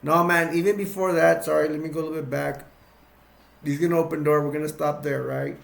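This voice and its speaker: A man's voice: on the high side, little pitch movement, a little fast, creaky. A man casually recapping a film scene by scene, rambling, restarting his sentences and chuckling as he goes. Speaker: film reviewer. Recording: roomy echo.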